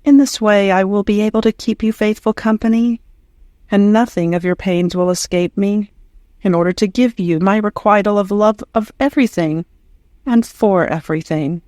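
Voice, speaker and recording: A woman reading a devotional text aloud in a prayerful, unhurried way. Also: medium pitch, steady tone, dark tone, no room sound, clean studio sound. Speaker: audiobook reader.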